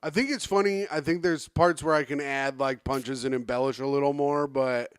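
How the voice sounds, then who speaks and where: A man's voice: mid-range voice, fairly even intonation, normal speed, smooth, no echo, studio quality. A man co-hosting a comedy podcast, telling a long, rambling story and acting out the other people in it. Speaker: podcast co-host. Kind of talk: casual comedy podcast chat.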